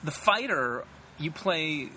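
Male interviewer, bright and forceful tone, mid pitch, casual questions, faint hiss. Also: slow, poor audio. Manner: brief affirmations, relaxed questions.

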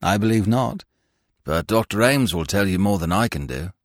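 Grave, steadfast museum expert played by a man, earnest and measured, dry close sound. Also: on the low side, lively intonation, dry recording.

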